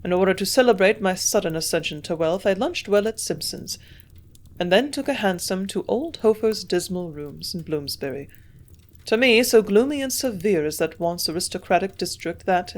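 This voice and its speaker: A woman reading a novel aloud as narrator, in a quiet, measured way. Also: fairly low pitch. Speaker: audiobook reader. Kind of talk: scripted narration.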